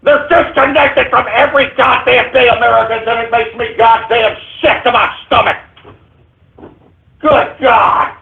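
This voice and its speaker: A man doing a talk radio host's angry, profane rant, in a high-pitched, husky voice. The sound is thin and phone-like, as if heard over a cheap line. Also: level tone, normal speed, few pauses.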